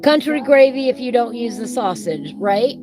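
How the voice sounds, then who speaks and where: A woman's voice: on the high side, lively intonation, moderate pace, over music. Folksy woman chatting while coloring. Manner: folksy, rambling, talks while working. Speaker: live coloring streamer. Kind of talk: chatty live stream talk while coloring. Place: home.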